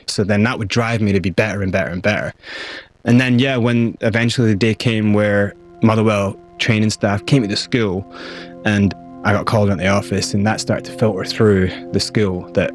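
A man's voice: on the low side, steady tone, moderate pace, soft background music. A man with a Scottish accent, speaking as an interview guest and telling his own story in a candid, vivid way. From Scotland, raised partly in South Africa.

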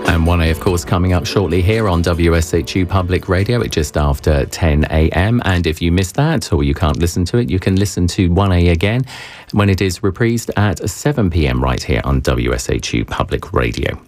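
Deep-voiced male radio host. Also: lively intonation, a little mellow, dry recording, faint music behind. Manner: measured, polished broadcaster delivery. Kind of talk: public radio interview and station announcements. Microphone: studio microphone.

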